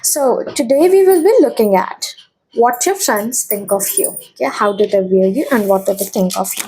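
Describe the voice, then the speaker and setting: A woman's voice: on the high side, a little slow, a little mellow, slight background noise, poor audio. A young woman giving a casual tarot reading, chatty and often checking in with her viewers. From India. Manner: chatty, keeps checking in with "okay?". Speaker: tarot reader.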